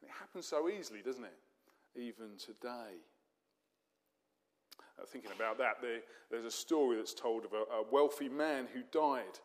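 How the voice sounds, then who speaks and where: A man preaching in a warm, conversational manner, tossing in rhetorical questions and wry asides. His voice sits at a middling pitch and carries a long reverb, as if he is in a large hall. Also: moderate pace. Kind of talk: sermon.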